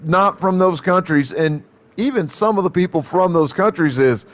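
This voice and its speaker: A man's voice: high-pitched, expressive, normal speed. A man streaming live who chats casually in a rambling, profane way, with many restarts.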